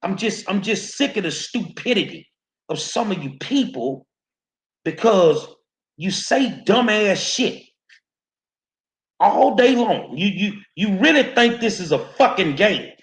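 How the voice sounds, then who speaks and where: A man hosting his own show who speaks slowly, in a higher-than-usual voice that swings widely in pitch. His commentary is angry, profane and confrontational, aimed straight at his viewers. He often repeats words as he pushes on. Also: expressive. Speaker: show host. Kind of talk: heated commentary addressed to viewers.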